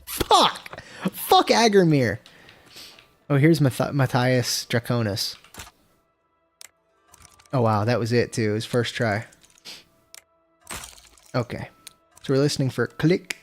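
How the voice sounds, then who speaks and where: A man's voice: medium pitch, slow, long pauses, faint music behind. A young man streaming a video game, chatting casually in a rambling, profane way and getting easily exasperated. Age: young adult. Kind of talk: casual gameplay commentary.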